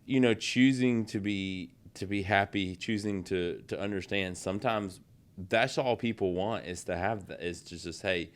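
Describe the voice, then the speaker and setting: A man's voice: lowish voice, normal speed. A man hosting a podcast, chatting casually with lots of "like" and "you know.". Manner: conversational, many fillers such as "like" and "you know". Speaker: podcast host.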